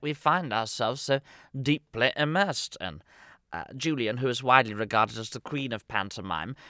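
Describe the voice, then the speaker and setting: A man's voice: medium pitch, pushed and bright, no room sound. A man hosting a comedy podcast, giving a scripted monologue in a dry, mock-serious voice with asides. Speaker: podcast host.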